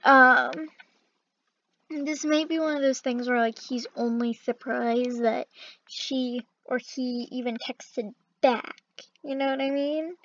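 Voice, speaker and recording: A woman's voice: high-pitched, lo-fi sound. A woman vlogger reading funny text messages aloud in casual commentary, giggling often as she talks. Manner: giggly, laughs often while talking.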